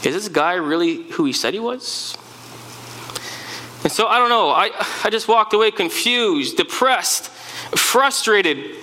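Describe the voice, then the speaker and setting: A man preaches as an earnest eyewitness follower of Jesus in a dramatic first-person sermon monologue, his voice high and bright. He stumbles over and repeats words as the story stirs him. It is recorded in an echoey hall with a faint hum behind. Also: lively intonation, measured pace, heavily acted.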